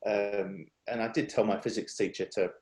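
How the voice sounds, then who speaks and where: A man giving an earnest, confessional personal testimony over a video call, halting and restarting as he speaks. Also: on the low side, steady tone, darkish tone, reverberant, rough recording. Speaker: speaker at a worship workshop.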